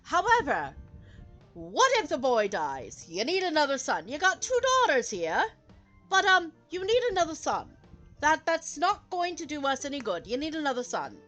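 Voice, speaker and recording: Fawning, fussy royal advisers, as a woman puts them on, nagging in a put-on posh British voice. The tone is bright and crisp, and the pitch bounces as they fuss, with faint music behind. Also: huge pitch swings, normal speed, full character voice.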